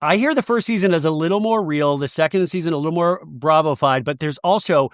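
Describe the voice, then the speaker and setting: A man hosting a casual chat, rambling along in an animated way with plenty of "like" fillers. His voice sits a bit high for a man. The sound is dry and close, with no room around it. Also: a little fast, no echo. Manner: rambling, animated retelling with lots of "like". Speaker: podcast host. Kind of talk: casual chat about reality TV.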